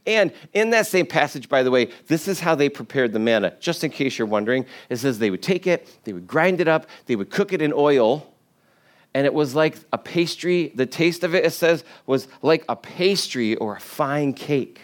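A man's voice: on the high side, lively intonation, moderate pace. A man preaching a casual sermon, retelling scripture in a chatty, joking way and briefly acting out complaining voices. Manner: storytelling, acts out complaining voices in paraphrase.

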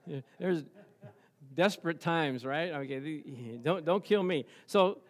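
A man with a high speaking voice preaches a sermon. He tells the story in an animated way, throwing rhetorical questions at his listeners and chuckling as he goes. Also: unhurried. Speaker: pastor.

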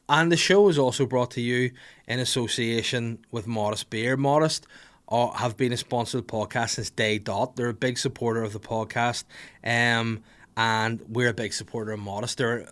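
A Northern Irish man in his thirties holds forth on his podcast, joking and ranting about pet peeves. His voice sits in an ordinary middle register, and he slips into quick voices to act out little scenes. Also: medium pitch. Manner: animated, jokey, acts out little scenes with voices. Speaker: podcast host. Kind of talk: casual comedic rant.

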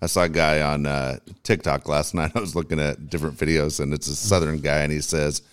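A man's voice: rumbling low, level tone, a little fast, smooth. A man in a casual chat who gives short, supportive replies and tells a joke story. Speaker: friend in a chat.

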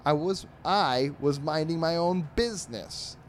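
A man voicing a cranky, boastful male cartoon dog in a high, drawn-out, indignant voice. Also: a little hiss or hum, natural voice.

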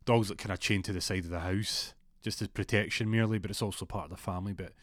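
A young man tells a spooky story in a loose, rambling way, often restarting his sentences. His voice sits on the low side. The recording is dry and close. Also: fairly even intonation, fast, no room sound. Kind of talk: casual spoken storytelling.

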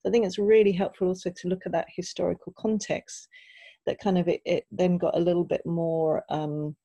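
A woman's voice: fairly low pitch, little pitch movement, a little fast, mellow, no room sound. A woman co-hosting a parenting podcast, explaining ideas in an earnest, reflective way. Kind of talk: casual podcast conversation.

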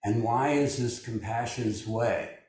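A man's voice: mid-range voice, takes it slowly, a little mellow. An older man leading a meditation group over a video call, talking in a loose, musing way with many fillers. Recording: very echoey room, distant mic.

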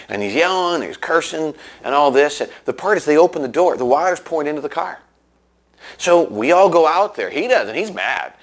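A man giving a sermon in a conversational way, telling a story with many restarts and lively asides. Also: a little high, normal speed. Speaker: preacher.

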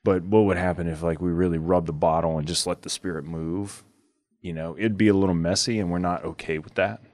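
Man, podcast host, very low voice, dry close sound, rambling casual chat, lots of fillers. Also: fairly even intonation, a little fast, a little mellow, no echo. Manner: rambling, full of filler words.

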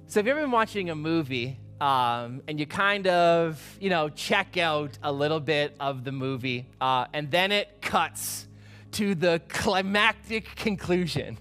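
A middle-aged male pastor preaching a casual storytelling sermon, animated and acting out quotes with exclamations. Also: on the high side, a little slow, smooth, soft background music.

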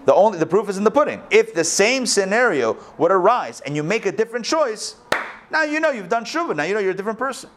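A man teaching a live Torah class as a rabbi, telling the story with lively, acted-out lines. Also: sits high, fast. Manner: animated storytelling, acts out quoted lines. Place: school hall, recorded live.

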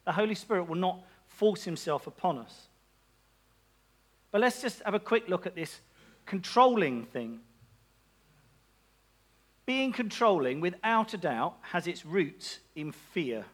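High-voiced chatty male preacher. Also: expressive, unhurried, long pauses. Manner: chatty and self-mocking, with asides and laughs. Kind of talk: sermon.

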